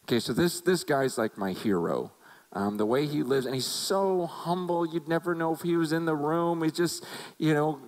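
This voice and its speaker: A man's voice: a little high, rough recording. A man preaching a sermon as a pastor, talking earnestly and conversationally and often repeating words as he restarts.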